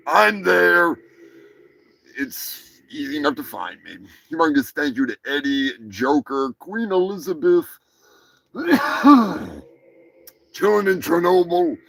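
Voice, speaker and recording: A rowdy man hosting a live stream, rambling through crude jokes and swearing freely. His voice is gravelly and a little raised, and it swings wildly up and down, jumping into sudden shouts. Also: fairly high pitch, lively intonation, measured pace, no room sound. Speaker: show host. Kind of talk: profane casual live-stream rant.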